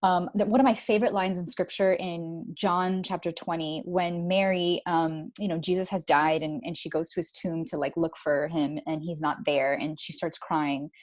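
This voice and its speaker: A woman's voice: lowish voice, moderate pace, hardly any pauses. A woman guest in an interview, telling stories animatedly with many "like"s and "you know"s. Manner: animated storytelling, many likes and you-knows. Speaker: guest, author. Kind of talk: conversational interview.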